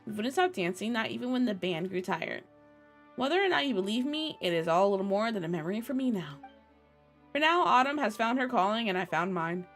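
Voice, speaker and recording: A woman's voice: mid-range voice, very animated, fairly quick, faint music behind. A woman voicing a gallant, wistful old male cat swashbuckler, reading game dialogue aloud in formal storybook phrasing.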